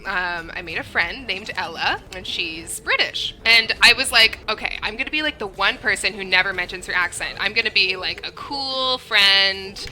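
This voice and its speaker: A woman's voice: medium pitch, expressive, normal speed, hardly any pauses, bright, forceful tone, slight background noise, poor audio. A young woman co-hosting a livestream, chatting casually, laughing often and reading viewer comments aloud. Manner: upbeat, laughs often, reads chat aloud. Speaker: stream co-host.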